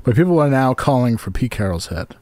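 A man's voice: very animated, fairly quick, a crowd in the background. Crude joking man co-hosting a podcast. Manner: crude, joking, puts on a low breathy "love voice". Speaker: podcast co-host. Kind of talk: casual comedic chat.

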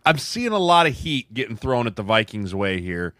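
A man's voice: mid-range voice, sing-song, normal speed, a bit bright, no echo. Man arguing football in a dry close voice. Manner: argumentative, building points with repeated "like" and "right?". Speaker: sports podcast co-host. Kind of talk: casual sports chat.

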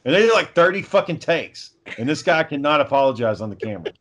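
A man's voice: on the high side, sing-song, fast talker, fairly bright tone, dull audio. A man in casual podcast chat, telling a long story with plenty of swearing, fillers and restarts. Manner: rambling profane storytelling with many fillers.

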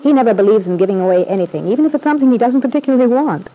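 A wry young mother, voiced by a woman in a vintage radio soap, mellow-toned and self-deprecating. She covers weariness with dry, quick humor. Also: a little high, close to an everyday voice, low-quality recording. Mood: weary.

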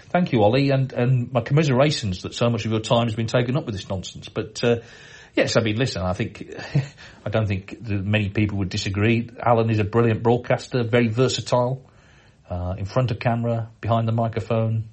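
A middle-aged man hosting a podcast, reading out listener emails in a relaxed, chatty way with frequent hesitations. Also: mid-range voice, a little fast, slightly rough. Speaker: podcast host.

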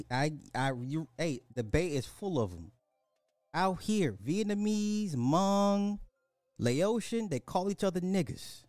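A man hosts a social commentary podcast in a slow, deliberate delivery. His voice sits slightly high, and he leans on blunt repeated rhetorical questions. The sound is dry and close. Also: darkish tone, no echo. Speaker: podcast host.

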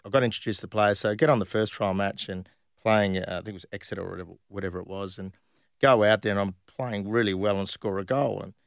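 A middle-aged man from Western Australia, telling animated stories as an interview guest, full of fillers. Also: on the low side, fast talker, gravelly, smooth, dry recording, clean studio sound. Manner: animated anecdotes with frequent laughs and fillers. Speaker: guest, former footballer. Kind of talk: casual storytelling interview.

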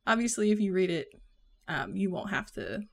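A woman with a Southern American accent talks in a loose, rambling way, full of fillers and quick laughs. Her voice sits in a middle range for a woman. She sounds like a relaxed podcast co-host chatting about a book. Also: medium pitch, vocal fry. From Southern United States. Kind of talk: casual chat.

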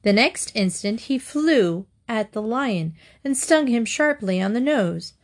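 A woman storyteller reading short fables aloud in a measured, deliberate way. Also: on the high side, lively intonation, a little mellow.

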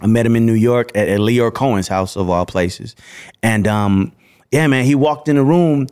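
A male guest telling anecdotes in a casual, animated way. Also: mid-range voice, moderate pace, clear, resonant tone. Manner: animated, acts out voices. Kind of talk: casual storytelling.

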